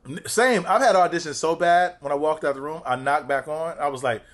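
A man, a comedian and actor, telling stories as a podcast guest, animated and profane, acting out quotes and laughing often. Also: fairly high pitch, a little fast. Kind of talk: casual chat, storytelling.

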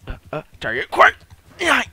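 A man's voice: very high-pitched, wildly swooping pitch, normal speed, bright, forceful tone, slightly rough. A man giving live gameplay commentary, swearing constantly and blurting frustrated outbursts at enemies while admitting he is new to the game. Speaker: gamer playing a multiplayer beta.

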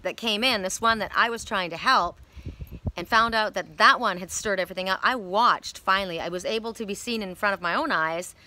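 A woman with a bright, forceful voice gives a casual spiritual card reading outdoors. She rambles candidly and chattily, speaking straight to her listeners. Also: medium pitch, a little hiss or hum. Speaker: oracle card reader.

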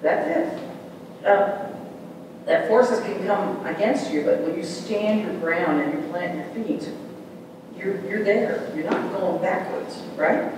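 A man preaching a lively sermon as pastor, often asking the congregation whether they hear him. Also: high-pitched, slow pace, background noise. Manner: animated, call-and-response preaching. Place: large church sanctuary. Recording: echoey hall from far off.

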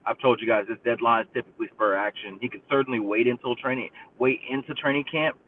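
A male football reporter calls into the show, and his voice comes through a thin, tinny phone line that sounds distant from the mic. Faint rumble sits behind him as he lays out his points in a measured, analytical way. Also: steady tone. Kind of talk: call-in sports analysis.

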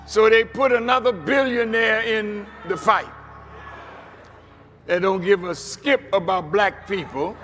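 High-voiced man preaching slowly in a hall. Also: steady tone, faint music behind. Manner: dramatic preaching, swinging from hushed to shouting. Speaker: minister. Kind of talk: sermon.

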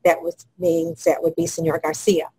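A woman on a webinar panel explaining business etiquette in a measured, instructive way. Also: on the low side, little pitch movement, mellow, breathy edge, dry recording, rough recording. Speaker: protocol expert panelist.

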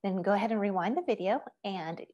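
Music teacher, female, mid pitch, patient and friendly, counts and chants rhythms. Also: quick pace, dark tone, muffled recording. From Asia. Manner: friendly, patient step-by-step instructions. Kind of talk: online music lesson.

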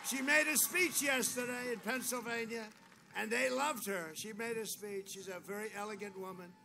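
A man with a high voice and vocal fry speaks at a moderate pace at a noisy outdoor rally. His political speech is rambling and boastful, packed with repetition and asides.

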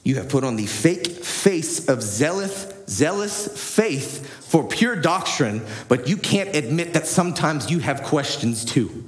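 A man preaching a sermon in an echoey church hall. His voice sits fairly high for a man, and he talks in a casual, conversational way, dropping low and quiet at times and then rising into loud, shouted bursts. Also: sing-song, unhurried. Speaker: pastor.

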